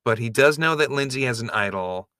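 A man co-hosting a podcast, recapping a reality show in quick, joking banter. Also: medium pitch, animated, pushed and bright, no echo, studio quality. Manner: jokey, quick banter with a co-host. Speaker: podcast co-host.

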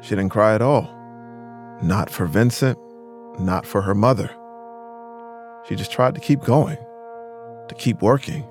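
Measured male documentary narrator. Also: on the low side, soft background music.

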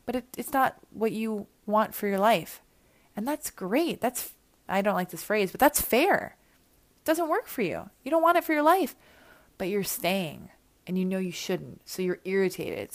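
A woman hosting an advice podcast, talking casually and earnestly, rambling with restarts and repeating her points for emphasis. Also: mid-range voice. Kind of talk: casual, heartfelt advice chat.

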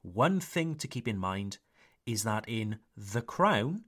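A man from Wales hosts an English lesson, stretching out each example word with deliberate, careful pronunciation. His pitch swings widely as he teaches, and he never rushes. He slips into French now and then to explain a point. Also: very animated, fairly bright tone. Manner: slow, careful, exaggerated pronunciation of example words. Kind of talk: podcast lesson for learners.

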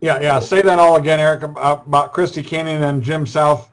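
A man's voice: a little high, steady tone, brisk, poor audio. A man hosting an interview over a video call, prompting guests and repeating his questions. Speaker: show host.

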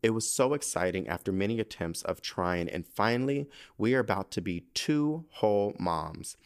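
Young man, podcast host, low voice, very lively intonation, campy, swears, emotional letter reading. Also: moderate pace, smooth. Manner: animated, camp, swears freely, gets emotional while reading. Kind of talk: casual chat, reading a listener letter.

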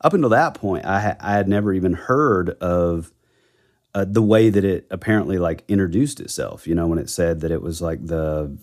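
A man's voice: low voice, normal speed, darkish tone. A man co-hosting a podcast in casual chat, rambling and correcting himself as he tells a ghost legend. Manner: rambling, self-correcting storyteller. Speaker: podcast co-host.

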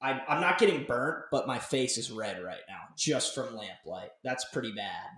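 A man's voice: medium pitch, moderate pace, background noise. Rambling young man in a roomy office. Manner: animated, rambling, swears freely. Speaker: podcast host. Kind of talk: casual chat. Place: dark home office. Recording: roomy echo.

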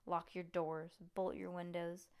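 A woman's voice: lowish voice, flat delivery, measured pace, clean tone. A woman reading aloud and voicing a spooky movie voice with an ominous, warning delivery.

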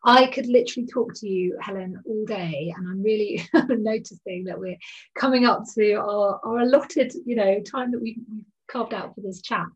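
Woman host, husky voice, muffled lo-fi sound, enthusiastic. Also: medium pitch, normal speed. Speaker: podcast host. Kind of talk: casual interview chat.

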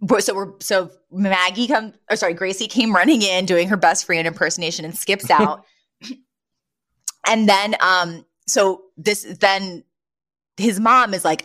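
An animated woman co-hosting a podcast, chatting casually as she recaps a sitcom episode. She giggles often and her pitch jumps around as she retells the scenes. Her voice sits at an ordinary middle pitch. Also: normal speed. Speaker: podcast co-host.

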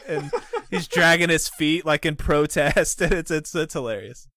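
A man's voice: a little high, steady tone, unhurried, sharp tone. A man co-hosting a wrestling podcast, recapping old matches in casual chat and laughing at the stories. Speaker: podcast co-host.

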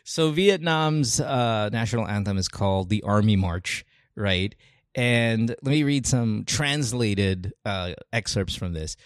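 A man co-hosting a casual talk show, reading lyrics aloud with animated swearing and laughter. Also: lowish voice, slow pace, no echo, studio quality. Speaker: podcast co-host.

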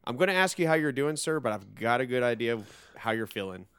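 A man's voice: medium pitch, animated, quick pace, gravelly, fairly bright tone, smooth. A young man hosting a gaming podcast who sounds tired and easygoing in casual chat. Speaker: podcast host.

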